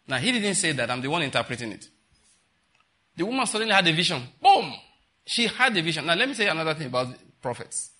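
A man's voice: fairly high pitch, bright, forceful tone. A man preaching a sermon as a pastor, scolding and mocking, repeating phrases for effect.

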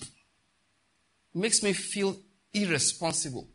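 A man's voice: a little high, expressive, normal speed, fairly bright tone, breathy edge. A middle-aged man, preaching a sermon emphatically and asking the congregation rhetorical questions. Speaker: pastor.

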